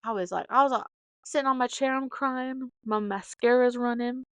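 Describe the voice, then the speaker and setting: A woman's voice: fairly high pitch, normal speed, a bit bright, smooth, no room sound. Chatty young woman, rambling podcast host. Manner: rambling, filler-heavy storytelling. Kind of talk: casual chat.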